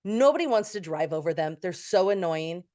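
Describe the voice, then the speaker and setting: A woman's voice: on the low side, lively intonation, moderate pace, dark tone. A woman hosting a podcast and working as a coach, talking things through reflectively in casual conversation and reaching for everyday analogies.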